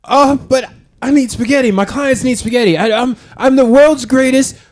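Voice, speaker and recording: A man's voice: very high-pitched, moderate pace, darkish tone. A man playing a self-important caterer who keeps insisting on his order. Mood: demanding. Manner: insistent, pleading.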